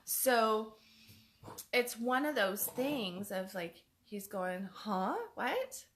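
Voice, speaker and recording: A woman's voice: mid-range voice, drawn-out words, slight background noise. A woman life coach giving a chatty motivational talk, repeating her points for emphasis. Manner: chatty, acts out other people's words.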